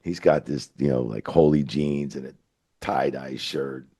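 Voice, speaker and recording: Super deep gravelly guy in his 50s, husky, swears a lot, excited storyteller in a chat interview. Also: unhurried. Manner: animated, swearing, rambling anecdotes. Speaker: veteran wrestling referee, guest.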